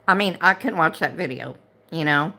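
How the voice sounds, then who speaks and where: A middle-aged woman chats on her livestream in an unhurried, easygoing pace. She gets heated and indignant and circles back over the same points again and again. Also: low-pitched, gravelly, bright, forceful tone. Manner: chatty, heated and indignant, repeats herself. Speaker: livestream host and chat moderator. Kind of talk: casual livestream chat.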